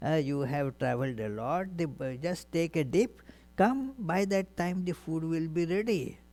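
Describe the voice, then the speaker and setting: A man voicing a calm, kindly male god who reassures his guests in a gently raised voice. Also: fairly high pitch, unhurried. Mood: reassuring.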